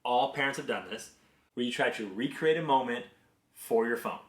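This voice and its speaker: Here a thirtysomething executive tells conversational, earnest stories from his career and draws advice from them, becoming animated as he recounts anecdotes. His voice sits in the mid-range at a normal speed, captured with a roomy echo.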